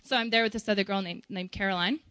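A woman's voice: medium pitch, fairly even intonation, fast talker, sharp tone, no room sound. A young woman, a church outreach volunteer, telling a personal testimony in a casual, chatty way with lots of "like" and "um".

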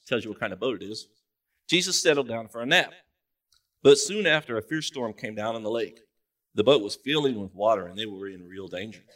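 A man preaching a sermon as pastor in a church, in a relaxed conversational way with joking asides. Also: medium pitch. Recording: distant mic in a church.

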